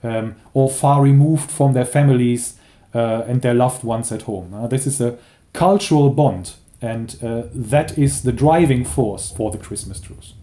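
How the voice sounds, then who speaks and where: Careful, mellow-voiced male historian. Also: medium pitch, unhurried. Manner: careful, with hesitations. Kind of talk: documentary interview.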